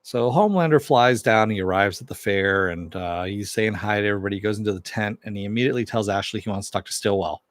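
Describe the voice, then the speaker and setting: A man's voice: on the low side, fast talker, few pauses, no room sound, clean studio sound. A man giving a casual recap of a TV episode, retelling it loosely with fillers and asides. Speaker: TV episode reviewer.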